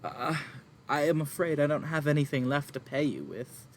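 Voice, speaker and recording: In a tabletop role-play, a man voices an emotional, flustered middle-aged farm mother who rambles and stammers through her troubles, tearful and jumping into high squeaks. He talks at a moderate pace, close to his everyday voice, with slight background noise.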